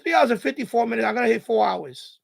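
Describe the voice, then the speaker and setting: A man hosting a live stream in casual chat, his voice raspy and hoarse from hours of talking, giving rambling advice full of "you know" and restarts. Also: very high voice, lively intonation, fast talker, dry recording, clean studio sound.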